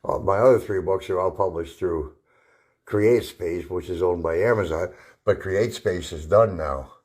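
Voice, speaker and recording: Man, livestream host, casual walking chat, lowish pitch, indoors in an old house. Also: normal speed, a little mellow, slightly rough. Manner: chatty, walking around while talking. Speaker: paranormal show host.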